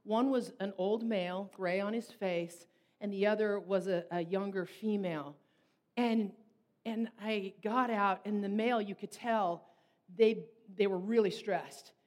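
A middle-aged woman telling a personal story in long, animated run-on sentences. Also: medium pitch, a little slow. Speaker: speaker. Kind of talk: storytelling talk.

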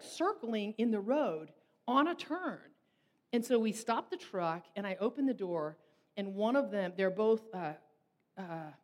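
Lively middle-aged woman telling a story. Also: a little high. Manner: animated, run-on storytelling with repeated phrases. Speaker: speaker. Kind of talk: storytelling talk.

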